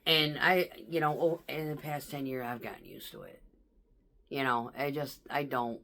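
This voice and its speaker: A woman vlogger telling blunt, profane stories about coworkers in a casual, animated way, mimicking the people she talks about. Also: extremely low pitch, normal speed, creaky, slight background noise.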